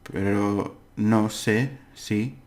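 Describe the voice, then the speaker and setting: A man walks through a language lesson in a relaxed, chatty way. His voice sits low and he takes his time, often stopping to fix his own slips with a laugh. It sounds like a casual home-made class. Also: extremely slow. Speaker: language teacher.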